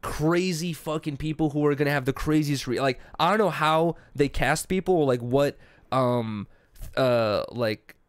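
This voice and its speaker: A man's voice: fairly high pitch, moderate pace, smooth, no echo. A young man co-hosting a podcast in a casual, slangy, profane chat, full of fillers and "bro.". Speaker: podcast co-host. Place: podcast studio.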